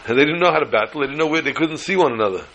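Bright-voiced animated man giving a sermon. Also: a little high, rapid-fire, muffled recording, a little hiss or hum. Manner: animated storyteller who acts out joke characters; mixes in Hebrew and Yiddish terms. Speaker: rabbi.

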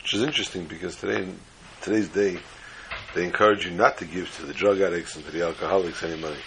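A man's voice: low voice, fairly even intonation, fast, fairly bright tone, slight background noise, low-quality recording. A man telling a folk tale in a rambling, self-deprecating way, stumbling and repeating words. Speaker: storyteller. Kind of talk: casual spoken storytelling.

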